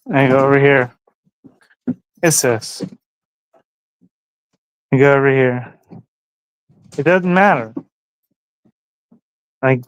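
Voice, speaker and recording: Heard in a dry recording, this host's voice is smooth and mid-range. He's running a casual livestream, rambling and musing aloud, and talks to his dog between thoughts.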